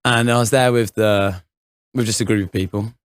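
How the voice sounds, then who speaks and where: A man's voice: fairly low pitch, steady tone, normal speed, smooth, no room sound, studio quality. A young man on a podcast, telling a rambling anecdote full of fillers and laughs. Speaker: podcast co-host. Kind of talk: casual chat, storytelling.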